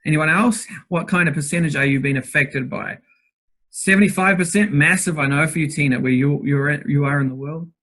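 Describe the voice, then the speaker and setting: A man hosting an interactive online workshop from his bedroom over a video call, talking fast and upbeat and greeting participants by name. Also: a little high, sharp tone. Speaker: workshop host. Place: bedroom at home.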